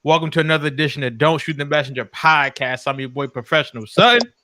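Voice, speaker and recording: A man with a bright, forceful voice, pitched a bit higher than most men's, talks fast while hosting a casual sports podcast. His talk is loose and full of slang, and the recording is dry and close with no echo or room sound.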